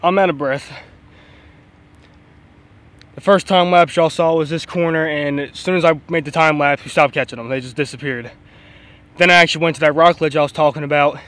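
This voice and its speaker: A young man hosting an outdoor fishing vlog, chatty and excited, talking straight to his viewers. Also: on the high side, fast talker. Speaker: fishing vlogger. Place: outdoors by a pond.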